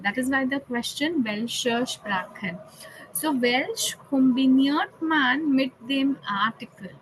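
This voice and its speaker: High-voiced woman teaching German slowly. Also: fairly bright tone, a little hiss or hum, low-quality recording. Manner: explains patiently, often checking understanding with "okay"; switches between English and German. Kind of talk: online classroom teaching.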